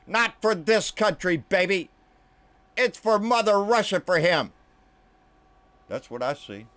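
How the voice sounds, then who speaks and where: A male political commentator rants to camera in anger, swearing freely, calling the listener "baby" over and over, and often lowering into muttered asides. He is expressive, slow-paced, and fairly bright in tone.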